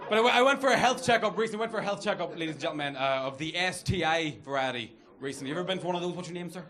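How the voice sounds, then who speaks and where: A man's voice: on the high side, lively intonation, rapid-fire. A young Northern Irish man doing a crude, self-mocking stand-up comedy set and bantering with the audience. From Northern Ireland. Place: comedy club stage, laughing audience. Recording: live club recording with loud crowd. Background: audience laughter.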